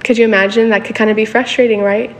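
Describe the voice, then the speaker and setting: A woman's voice: on the high side, fairly even intonation, fast, slight background noise. A woman preaching a sermon in a casual, conversational way, often checking in with her listeners for agreement.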